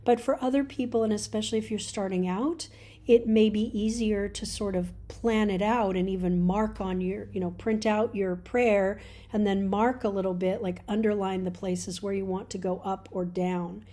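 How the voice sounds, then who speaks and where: A middle-aged woman giving a relaxed spoken lesson on church chanting, explaining with fillers and restarts. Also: mid-range voice, moderate pace. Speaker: chant teacher.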